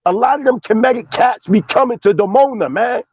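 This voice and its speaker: Fired-up high-voiced man arguing hard. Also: fairly quick, darkish tone, husky, no echo, muffled recording. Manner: confrontational, emphatic, swearing. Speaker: debater. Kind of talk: heated online debate.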